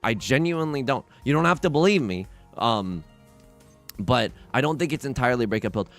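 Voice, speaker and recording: A young man streaming a game, chatting in a rambling, self-deprecating way with sudden loud outbursts. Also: medium pitch, expressive, fairly quick, soft background music. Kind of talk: casual livestream chat while gaming.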